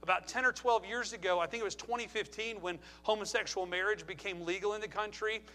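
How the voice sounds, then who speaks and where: A man's voice: high voice, fairly even intonation, fast, bright, forceful tone, a little hiss or hum. A middle-aged man preaching a sermon in a church, emphatic, firing rhetorical questions and repeating phrases for effect. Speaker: pastor.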